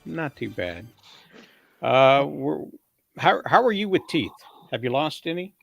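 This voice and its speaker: A man's voice: fairly high pitch, very animated, vocal fry, fairly bright tone, no room sound, faint music behind. A man hosting a casual live-stream chat with guests on a video call, joking and poking fun at himself. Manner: self-deprecating, joking, drawn-out teasing. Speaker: host of a live watch-along stream.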